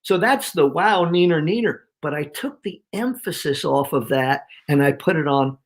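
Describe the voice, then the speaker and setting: A man in his sixties, a speaker and author, telling stories in an interview in a lively, slangy, emphatic way and laughing often. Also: fairly high pitch, moderate pace, few pauses. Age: 60s. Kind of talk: animated storytelling in an interview.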